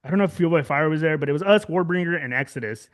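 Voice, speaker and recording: Guy in his 30s from socal, rambles w lots of likes and restarts, bit higher voice. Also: rapid-fire. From Southern California. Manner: rambling, many fillers and restarts, laughs often. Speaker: guest musician. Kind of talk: casual interview chat.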